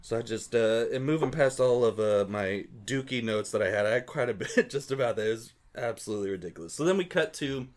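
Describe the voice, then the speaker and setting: A man co-hosts a podcast in a mid-pitched voice. He talks loosely through a movie plot and keeps breaking into amused laughter. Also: expressive, quick pace, few pauses. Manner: laughs often while recapping, loose and amused. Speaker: podcast co-host. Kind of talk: casual movie recap chat.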